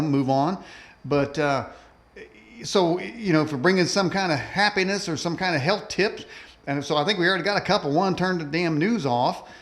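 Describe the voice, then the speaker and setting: A male talk show host chats with a guest in a homespun, cowboy-flavored way. His voice sits fairly high for a man. He talks easily and plainly, loose and friendly in his phrasing. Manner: folksy, self-described cowboy talk. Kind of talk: casual interview chat.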